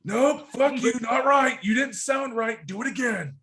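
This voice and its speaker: A man's voice: very high-pitched, measured pace, sharp tone, pitched above the performer's own voice, full character voice. A man putting on the voice of a furious, foul-mouthed male Marine drill instructor who screams contemptuous orders. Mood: screaming insults.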